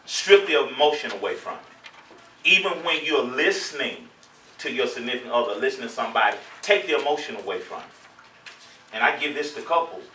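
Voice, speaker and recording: A man's voice: mid-range voice, pushed and bright, reverberant, recorded from a distance, a little hiss or hum, low-quality recording. A man hosting a show as a relationship coach, preaching playfully to his audience with call-and-response and laughter.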